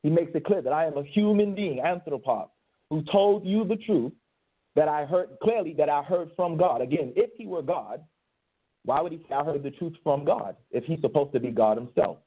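A man's voice: fairly high pitch, expressive, normal speed, husky. A man giving an emphatic debate rebuttal, repeating key phrases for stress. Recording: tinny phone-line audio.

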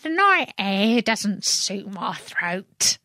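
A fussy old magpie fretting about the night air, read by a woman in a storybook. The reading is slow, close and dry. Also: mid-range voice, sing-song, pushed and bright, dry recording, heavily acted. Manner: fussy, excuse-making.

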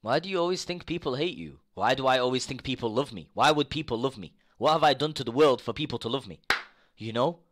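A young man live-streaming, ranting to his chat in casual talk, swearing freely and repeating himself, jumping between low mutters and loud outbursts. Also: expressive, fast talker.

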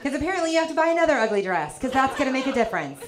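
A woman from the South, performing a stand-up comedy set with a dry, teasing delivery and quick punchlines. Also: high-pitched, very animated, background noise. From American South. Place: comedy club stage. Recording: live club with loud crowd laughter. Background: audience laughter.

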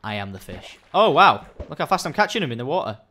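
Young guy rambling over a game, goofy, yelps when excited. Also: mid-range voice, rapid-fire. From England. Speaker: gaming video host. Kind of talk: casual gaming commentary.

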